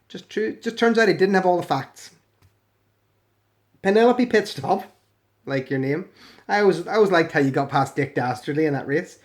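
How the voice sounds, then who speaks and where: A man's voice: on the high side, a little fast. Sarcastic British man reading comments. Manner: sarcastic, mocking, swearing, mock voices for quotes. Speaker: video commentator.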